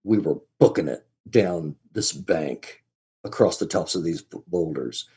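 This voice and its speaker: Low husky man telling a story. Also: expressive, warm tone. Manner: halting, restarts and repeats words. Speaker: podcast guest. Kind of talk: casual storytelling.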